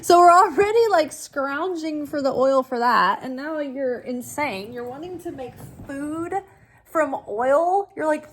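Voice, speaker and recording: A woman with a fairly high voice gives a casual spiritual talk. She is animated and blunt, and she swears freely as she rants with passion. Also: unhurried. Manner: impassioned ranting. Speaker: spiritual teacher.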